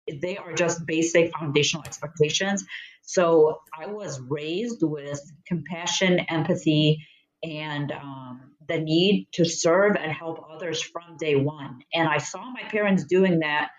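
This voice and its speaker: A woman's voice: low voice, slow pace, roomy sound, poor audio. A woman being interviewed, telling earnest, reflective stories about how her parents raised her to serve others. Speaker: guest, police recruitment director. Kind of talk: conversational interview storytelling.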